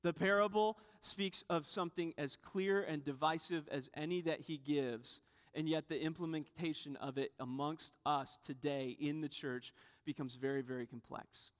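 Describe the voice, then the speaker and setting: A man's voice: a little high, fairly even intonation, moderate pace. A man in his thirties preaching a sermon, telling a personal story with self-deprecating humor and acting out the voices. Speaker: pastor. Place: church sanctuary. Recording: reverberant church hall.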